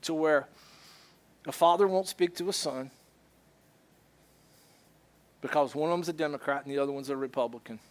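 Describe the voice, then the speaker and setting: A male pastor preaching a sermon, animated and acting out both sides of everyday arguments. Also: on the high side, very fast. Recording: church service.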